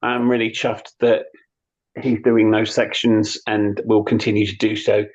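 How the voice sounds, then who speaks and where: Husky man on a dull lo-fi mic. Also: on the low side, flat delivery, unhurried, darkish tone. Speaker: podcast co-host. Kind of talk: casual chat.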